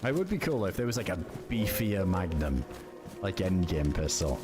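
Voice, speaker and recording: A man's voice: deep voice, big pitch swings, normal speed, music in the background. A young man streaming a survival game, chatting casually with viewers, reading chat aloud and swearing offhandedly. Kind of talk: casual live-stream chat while gaming.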